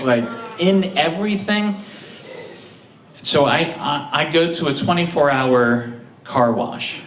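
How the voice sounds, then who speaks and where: Man, live stage storyteller, chuckling, stop-start, distant mic, roomy hall. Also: a little high. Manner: chuckles through the stories, halting restarts. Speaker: author telling stories on stage. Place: live show venue.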